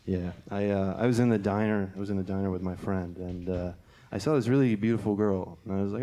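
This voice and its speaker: A man doing a stand-up set on a club stage, with a halting, self-deprecating delivery full of restarts. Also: medium pitch. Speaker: stand-up comedian. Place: comedy club stage with audience. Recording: loud background noise, live club.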